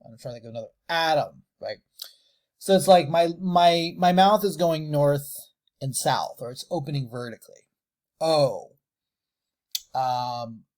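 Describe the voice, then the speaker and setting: A man teaching animation lip sync, slowly and deliberately sounding out letters and words with exaggerated mouth shapes. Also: on the high side. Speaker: animation tutor. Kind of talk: tutorial, demonstrating mouth shapes on camera.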